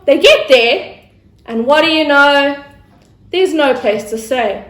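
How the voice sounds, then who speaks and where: A woman's voice: high voice, takes it slowly, fairly bright tone. A woman telling a story to children in a playful style, with chatty asides. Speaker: children's church presenter. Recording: roomy echo.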